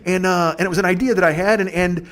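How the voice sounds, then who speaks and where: Brief: forties male podcast host, higher voice, profane self-mocking rant, rambling. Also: fairly even intonation, fast talker, fairly bright tone. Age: 40s. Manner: profane, ranting, self-deprecating; rambling with restarts, laughing. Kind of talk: casual comedic monologue.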